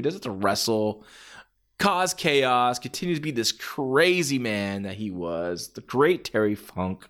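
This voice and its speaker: A man's voice: fairly high pitch, fairly quick. Rambling man acting out quotes. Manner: rambling, animated, acts out quotes in a raised shouty voice. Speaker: wrestling fan commentator. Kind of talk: casual podcast-style monologue.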